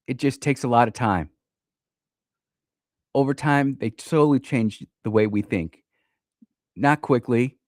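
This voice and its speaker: A man's voice: medium pitch, dry recording, clean studio sound. A man in his fifties hosting a radio talk show, talking in a fired-up, preachy way and speaking straight to his listeners. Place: radio studio.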